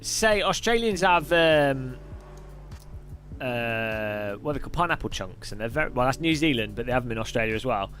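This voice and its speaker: A man's voice: mid-range voice, animated, normal speed, fairly bright tone, faint music behind. A man chatting casually on a live sim racing stream, reading viewers' messages aloud and laughing often.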